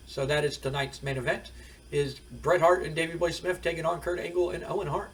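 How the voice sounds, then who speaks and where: A man's voice: on the high side, steady tone, a little fast, distant mic, slight background noise. A man recapping a wrestling management game in a rambling, casual way, full of fillers. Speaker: gaming video host. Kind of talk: let's play recap of a wrestling sim.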